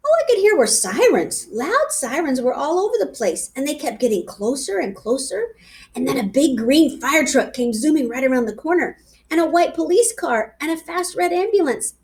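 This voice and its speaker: Lively woman reading a children's story. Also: high voice. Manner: lively, playful child's-voice narration. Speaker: reader. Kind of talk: storybook read-aloud.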